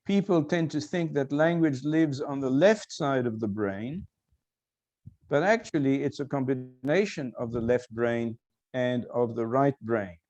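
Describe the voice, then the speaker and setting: A man giving a recorded lecture, explaining slowly and repeating key phrases for emphasis. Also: medium pitch, a little mellow, muffled recording.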